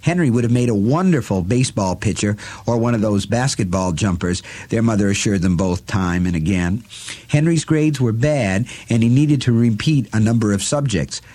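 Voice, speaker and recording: Man, audiobook narrator, low voice, measured, deliberate pacing. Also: animated, warm tone.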